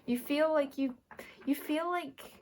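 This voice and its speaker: A woman giving a collective tarot reading, musing and halting as she draws cards and talks through what she senses. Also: high-pitched, darkish tone, a little hiss or hum. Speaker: tarot reader.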